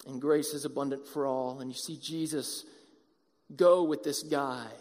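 Animated preacher man in a reverberant hall. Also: medium pitch, measured pace. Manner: animated, acts out crowd voices. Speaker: pastor. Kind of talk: sermon.

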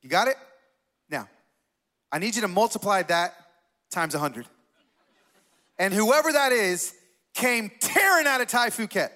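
A man preaching a sermon in a conversational, animated way, telling a personal story and asking the congregation questions. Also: high voice, a little slow, long pauses. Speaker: pastor.

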